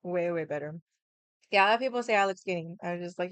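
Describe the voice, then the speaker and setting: A woman's voice: on the low side, fast, clear, resonant tone, no room sound. A young adult woman hosting a livestream, chatting casually and frankly, swearing freely and filling her talk with "like". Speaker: livestream host. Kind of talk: casual chat.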